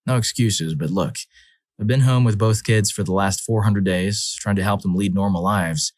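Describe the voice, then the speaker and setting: A man reading first-person stories aloud as a channel narrator, in a measured, earnest way. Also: fairly low pitch, dry recording, clean studio sound.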